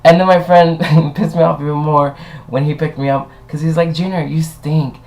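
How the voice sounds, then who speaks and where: A man's voice: a little high, fairly even intonation, normal speed, a little mellow, rough recording. A young man talking casually to a webcam, rambling and swearing as he tells stories. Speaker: vlogger. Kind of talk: casual chat.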